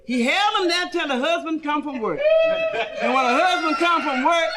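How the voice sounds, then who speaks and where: Brassy high-voiced woman telling bawdy jokes. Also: normal speed, a loud crowd. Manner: brassy, laughs through her own punchlines. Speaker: comedian. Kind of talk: bawdy stand-up joke telling.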